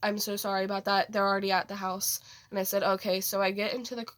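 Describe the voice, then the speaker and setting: A woman's voice: medium pitch, level tone, fast, a bit bright. A teenage girl casually telling a story about a dream, rambling, with many fillers and restarts. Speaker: vlogger.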